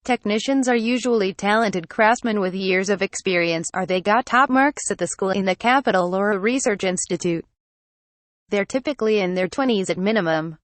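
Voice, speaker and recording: A woman's voice: medium pitch, moderate pace, dry recording, natural voice. A straightforward man from a fantasy audiobook, as a woman reader voices him. He explains things bluntly and plainly, with a dry, close sound. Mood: explaining.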